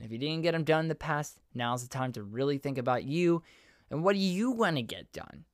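A man's voice: on the high side, big pitch swings, fairly quick, no room sound, studio quality. Earnest rambling male podcast host. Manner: earnest, rambling, self-correcting. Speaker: podcast host and voiceover artist. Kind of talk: casual solo podcast monologue.

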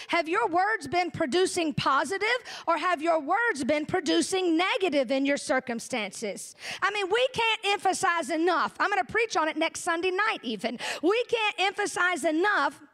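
A woman pastor delivers a lively sermon. Her voice sits high, and she mixes homespun humor with direct questions to the congregation. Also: normal speed, hardly any pauses. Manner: animated, folksy, humorous preaching with audience asides.

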